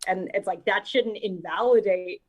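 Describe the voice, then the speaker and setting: A woman's voice: medium pitch, normal speed, phone-quality sound. Woman co-hosting a movie podcast. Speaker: podcast co-host. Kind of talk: casual chat.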